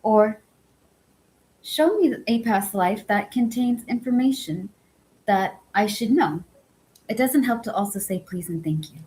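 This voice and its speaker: A woman reading a spiritual book aloud and chatting between passages. Her voice is squeaky and worn from talking all day, and she swears freely. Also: expressive, measured pace, a little mellow, low-quality recording. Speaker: book-reading channel host.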